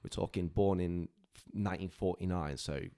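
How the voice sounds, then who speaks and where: Deep-voiced man, earnest and halting. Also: steady tone, creaky, mellow. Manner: earnest, heartfelt, halting with many restarts. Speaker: podcast guest. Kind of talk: candid personal storytelling.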